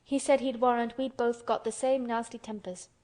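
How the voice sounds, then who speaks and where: A woman's voice: a little high, steady tone, normal speed, a little mellow, natural voice. A woman voicing a blunt little orphan girl. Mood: frank. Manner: frank, earnest, matter-of-fact.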